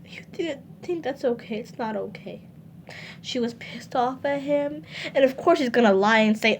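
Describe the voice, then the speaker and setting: A woman's voice: a little high, normal speed, slight background noise. A woman vlogger telling a personal story to her viewers, earnest and close to tears, repeating herself as she speaks straight to them.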